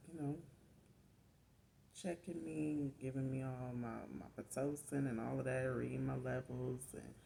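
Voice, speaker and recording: Gravelly-voiced woman telling a story. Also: very deep voice, slight background noise. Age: adult mother of four. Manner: animated retelling, rising loud when reliving pain. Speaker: vlogger telling her own story. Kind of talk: casual storytime chat.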